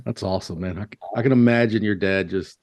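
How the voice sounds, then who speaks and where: A man's voice: fairly low pitch, fast talker, a little mellow, no echo. A man hosting a podcast interview, giving brief friendly reactions and asking questions. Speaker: podcast host. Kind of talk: casual interview chat.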